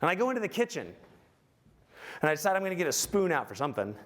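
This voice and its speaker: A man's voice: a little high, big pitch swings, racing, a bit bright. A man giving a motivational keynote on stage, telling a self-mocking story and questioning the audience. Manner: self-mocking, acts out his own anger. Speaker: keynote speaker.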